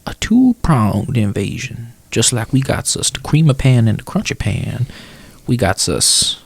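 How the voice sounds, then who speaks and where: A man voicing a folksy Southern informant, Pete Pan, in a put-on American Southern drawl with a gravelly voice. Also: mid-range voice, sing-song, unhurried, dry recording, exaggerated voice. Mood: sly, conspiratorial.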